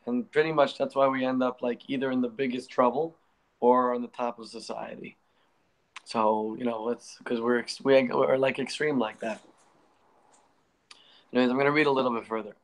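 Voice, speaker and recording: A man leading an online class discussion over a video call, briskly calling on each speaker in turn. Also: mid-range voice, flat delivery, poor audio. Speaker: class leader.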